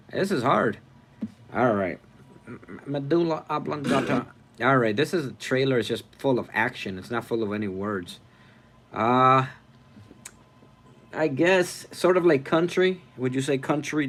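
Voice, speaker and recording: Rambling man hosting a live stream. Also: mid-range voice. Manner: rambling, thinks aloud, plugs subscribing. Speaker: livestream host. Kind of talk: casual live-stream chat reading comments.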